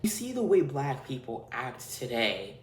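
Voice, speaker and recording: A man's voice: medium pitch, big pitch swings, unhurried, slight background noise. Profane ranting man in echoey room. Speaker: podcast host. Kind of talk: solo podcast monologue. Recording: roomy echo.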